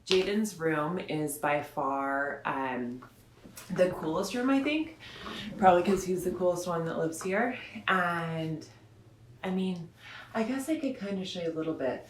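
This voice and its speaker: A woman radio host with a fairly low, expressive voice sits in her son's bedroom at home, recorded by a phone or camera in front of her, with slight background noise and roomy sound. She chats casually and rambles in a friendly way, then slows down to read a children's picture book aloud.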